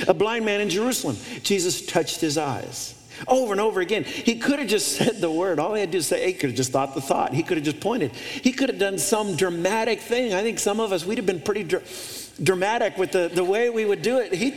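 A man preaching from the pulpit with a fairly high voice, leaning hard into emphatic repetitions and restarting his phrases as he builds his point. His voice rings out through the long reverb of a large church hall. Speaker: pastor. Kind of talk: sermon. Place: church auditorium.

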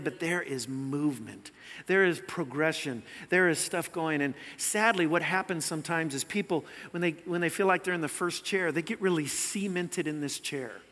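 A man preaching a sermon as a pastor, telling stories and acting out quotes with lively, animated delivery. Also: on the high side. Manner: storytelling, animated, acts out quotes and shouts. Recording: long hall reverb.

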